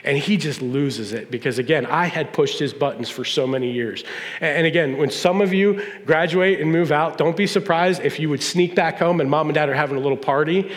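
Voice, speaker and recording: A man's voice: a little high, brisk. A middle-aged man, a pastor, preaching a humorous storytelling sermon and acting out family dialogue. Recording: long reverb of a large hall.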